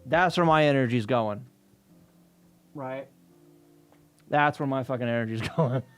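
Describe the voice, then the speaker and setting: A man's voice: medium pitch, measured pace, clear, resonant tone, soft background music. A man chatting casually on a livestream, telling an exasperated, profane story while he works. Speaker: streamer. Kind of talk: casual chat with chat while working.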